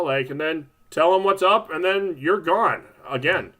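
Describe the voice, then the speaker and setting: A man with a slightly higher than usual voice gives blunt, practical referee advice. He keeps it conversational and gets straight to the point. There is nothing fancy in his delivery, just plain, steady talk. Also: measured pace. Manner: direct, practical, matter-of-fact. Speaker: podcast co-host, hockey referee. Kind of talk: casual advice chat.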